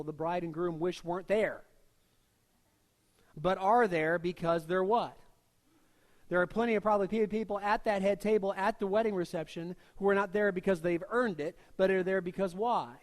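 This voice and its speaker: A pastor with a high voice preaches a sermon in a joking, conversational style, reading scripture and dropping into quick voiced asides.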